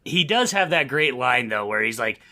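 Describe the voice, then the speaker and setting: A man's voice: medium pitch, sing-song, normal speed, pushed and bright. An American man co-hosting a casual movie podcast, telling stories with wry amusement. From United States. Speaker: podcast co-host. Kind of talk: casual movie-review chat.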